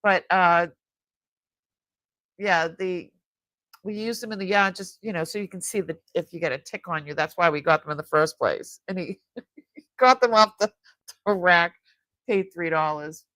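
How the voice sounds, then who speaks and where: A woman's voice: lowish voice, normal speed, pauses often, pushed and bright, no echo. A middle-aged woman hosting a live jewelry sale, chatting casually with her viewers, often laughing and trailing off mid-sentence. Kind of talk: casual live-stream chat.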